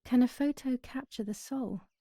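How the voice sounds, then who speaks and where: An actress playing a grieving young woman who narrates her loss in a hushed, melancholy game voice. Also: high voice, normal speed, no echo, studio quality. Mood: sorrowful.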